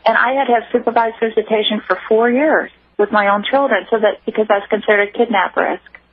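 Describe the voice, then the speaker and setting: A woman guest on a radio call-in show, recounting her own story in an earnest, halting way with many restarts. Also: on the high side, steady tone, husky, dry recording. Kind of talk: personal account on a call-in show. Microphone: telephone. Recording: muffled phone line.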